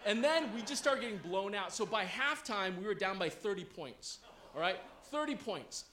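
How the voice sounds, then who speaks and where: Male pastor, high bright voice, lively storytelling sermon, roomy church hall sound. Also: moderate pace, slight background noise. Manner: animated, checks in with the audience.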